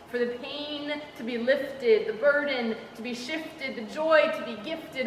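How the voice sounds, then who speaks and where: A woman's voice: sits high, fairly bright tone, a little hiss or hum. A teenage girl performing a spoken word poem in a school hall with a rhythmic, emphatic cadence. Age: teens. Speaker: student poet. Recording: echoey hall from far off.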